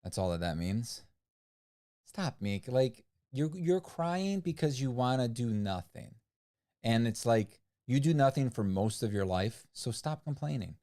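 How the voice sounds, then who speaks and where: A man's voice: mid-range voice, expressive, unhurried, warm tone. A man co-hosting a casual livestream, chatting and teasing his partner in laid-back banter. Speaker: livestream co-host. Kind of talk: casual chat.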